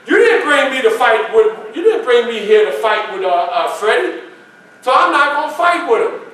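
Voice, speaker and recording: A man's voice: very high voice, very animated, normal speed, a bit bright, heavy reverb, far from the mic, full character voice, rough recording. A man voicing a burly, defiant enslaved woman in a staged storytelling, firmly refusing.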